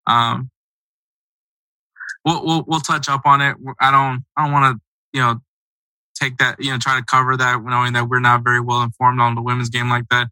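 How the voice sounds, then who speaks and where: A man's voice: mid-range voice, flat delivery, normal speed, long pauses, bright, forceful tone, no room sound, rough recording. A man hosting a casual sports podcast, talking in a loose, rambling, conversational way. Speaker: podcast host.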